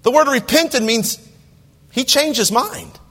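A pastor delivers a sermon in a high-pitched male voice, moving between scripture reading and casual asides to the congregation. The reverb trails on long after each phrase, as in a large church hall. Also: measured pace, bright, forceful tone, breathy edge. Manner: conversational, asks the listeners direct questions; reads scripture aloud in King James wording.

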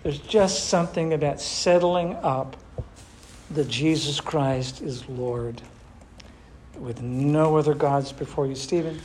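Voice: mid-range voice, slow, darkish tone, slight background noise. A pastor leading a church discussion, preaching emphatically and asking rhetorical questions, affectionate with members. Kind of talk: sermon and group discussion.

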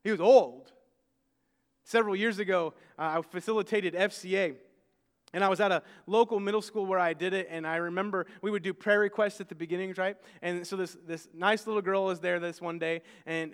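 A man's voice: high voice, fairly even intonation, brisk, clean tone. A man in his thirties preaching a sermon, conversational, often repeating words as he starts sentences. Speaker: pastor. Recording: long reverb of a large hall.

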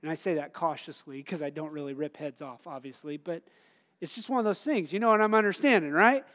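A man's voice: fairly high pitch, brisk, fairly bright tone. A middle-aged man preaching a sermon in an earnest, conversational way, laughing at himself now and then.

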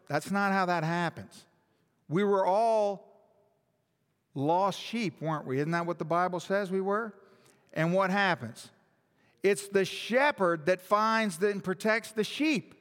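A man's voice: high voice, slow pace, a bit bright, smooth. A male pastor preaching a sermon in a church hall, emphatic and full of rhetorical questions, with long hall reverb.

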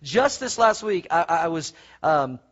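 A man preaching a sermon, animated and folksy, telling stories with asides to the congregation. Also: fairly high pitch, normal speed, highs cut off. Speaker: pastor.

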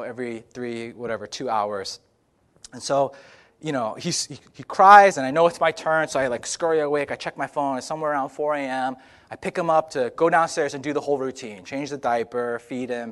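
A young man telling a comic personal story in a sermon-style talk, animated and lively. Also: a little high.

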